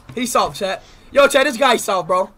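A young man livestreaming, taunting and trash-talking loudly, often breaking into shouts. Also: high voice, animated, normal speed. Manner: loud, taunting, swings to shouting. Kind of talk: heated livestream banter.

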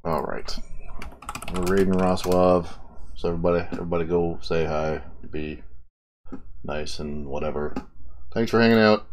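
A man's voice: low voice, steady tone, moderate pace, pauses often, a little hiss or hum. A man live-streaming while he codes, chatting casually in a rambling way, often restarting sentences and tossing out playful asides.

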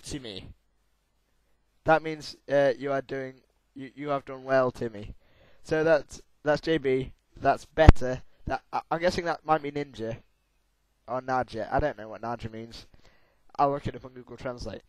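A man commentating a game while sick, excitable, yelping and humming as he plays. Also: medium pitch, moderate pace, pauses often, no room sound, poor audio. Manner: excitable, yelps and hums tunelessly while playing. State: sick, losing his voice. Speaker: gameplay commentator. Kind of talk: let's play commentary.

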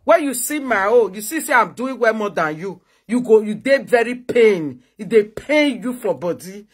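A woman with a Nigerian accent delivers a heated rant on a phone live video, her voice husky and worn. She taunts and mocks her rival with a needling, scornful tone. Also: on the high side, animated, normal speed. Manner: taunting and mocking. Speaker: social media personality.

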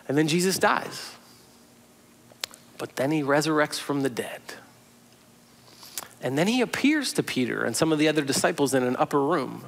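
A male pastor preaching in a relaxed, conversational way. He tells the story as if picturing it out loud, with casual asides along the way. His voice sits high for a man. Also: normal speed, vocal fry, long pauses. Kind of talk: sermon.

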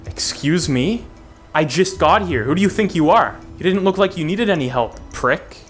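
Brief: playful young gamer, high voice, casual swearing. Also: male voice, animated, moderate pace, soft background music. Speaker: gaming video creator. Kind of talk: playing a VR game on camera, joking commentary.

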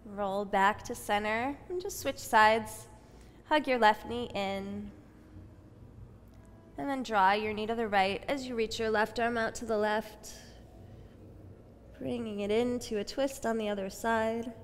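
A woman guiding a yoga session in a slow, soothing voice with gentle, steady instructions. Her words trail off into a long reverb from a spacious room, with faint ambience underneath. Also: a little high, a little hiss or hum. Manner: calm, soothing, unhurried cues. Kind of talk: guided yoga class instruction.

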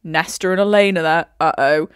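A woman co-hosting a podcast in casual book-club chat, chiming in with short reactions and quick plot summaries. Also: low voice, steady tone, smooth, no echo, studio quality. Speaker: podcast co-host.

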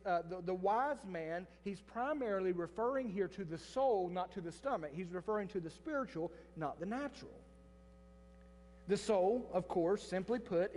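A pastor preaching a sermon in church, telling a story with restarts and asides to the congregation. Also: male voice, high voice, a little mellow, big-room sound. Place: church sanctuary.

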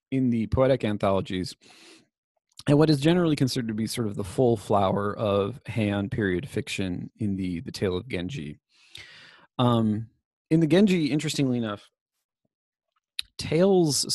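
Casual, slightly raspy male lecturer. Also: mid-range voice, darkish tone, dry recording, clean studio sound. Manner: casual, digressive, many fillers and restarts. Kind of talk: recorded course lecture.

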